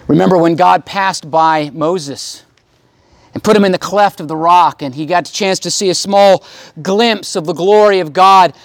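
A man's voice: high-pitched, dry recording. A man preaching a sermon, pressing his points with repetition and swelling, then dropping his voice for stress. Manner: emphatic preaching, rising and falling for stress. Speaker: pastor. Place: outdoor service near a tent.

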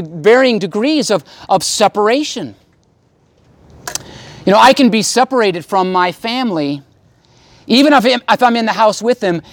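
A man's voice: sits high, dry recording. A man preaching a sermon, pressing his points with repetition and swelling, then dropping his voice for stress. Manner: emphatic preaching, rising and falling for stress. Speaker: pastor. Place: outdoor service near a tent.

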